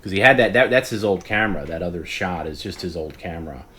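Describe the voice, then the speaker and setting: Low-voiced rambling man on a stream. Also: animated, fast talker, fairly bright tone. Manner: rambling, laughs often, mimics others in whispers. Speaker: podcast host. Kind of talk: casual late-night stream chat.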